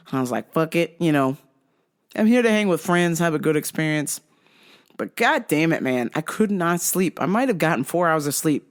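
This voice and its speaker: A woman hosting a podcast, telling a casual story monologue full of swearing, with mimicked sounds and quoted outbursts. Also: on the low side. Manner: profane, animated, mimics sounds. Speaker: podcast host.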